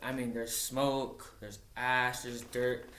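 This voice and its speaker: A man's voice: mid-range voice, flat delivery, fairly bright tone. Profane man telling a firefighting story, roomy echo. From Montana. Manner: profane, halting, with many restarts. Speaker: wildland firefighter. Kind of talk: casual spoken storytelling. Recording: roomy echoey recording.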